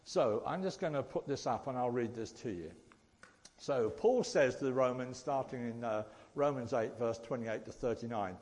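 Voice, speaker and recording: A man's voice: mid-range voice, normal speed, a little mellow, big-room sound. A man giving a chatty, joking church talk and addressing the congregation directly as lay preacher. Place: church hall.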